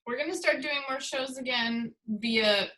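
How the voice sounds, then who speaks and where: A woman's voice: high-pitched, measured pace, pushed and bright, low-quality recording. A woman musician being interviewed, talking casually and thoughtfully with many fillers. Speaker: musician guest.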